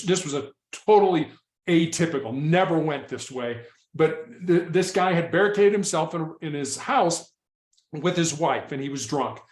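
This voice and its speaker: A man who was a SWAT hostage negotiator tells stories in conversation, often restarting and repeating words. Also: a little high. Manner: frequent repetitions and restarts. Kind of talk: conversational interview storytelling. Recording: echoey room.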